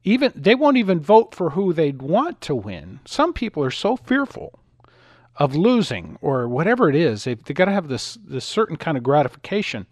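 A man's voice: a little high, moderate pace, dry recording, studio quality. A middle-aged man hosting a talk radio show, telling stories and acting out the voices in them. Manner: animated, acts out voices in anecdotes. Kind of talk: talk radio monologue with storytelling.

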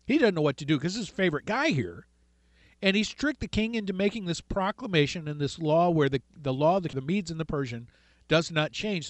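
A man hosting a call-in radio talk show, retelling a story with animated delivery and acted-out voices. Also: high voice, no room sound.

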